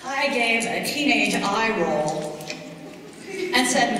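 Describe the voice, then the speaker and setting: A woman performing a dramatic monologue, telling a story in a measured, expressive, theatrical way to a live audience. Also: fairly high pitch, noisy background. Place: church hall, live audience. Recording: echoey hall from far off.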